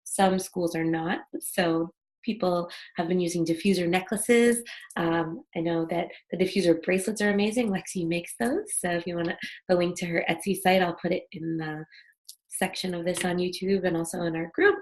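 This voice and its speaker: A woman's voice: on the low side, steady tone, normal speed. A woman hosting an online wellness workshop over a video call, talking in a friendly, chatty way and guiding listeners through a breathing exercise. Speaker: workshop host. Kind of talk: casual online workshop talk.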